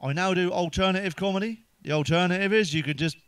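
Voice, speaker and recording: A middle-aged man with a fairly high voice, telling crude stand-up jokes in a casual, swearing, conversational way and laughing at his own punchlines. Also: fast, clear, resonant tone, no echo. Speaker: stand-up comedian.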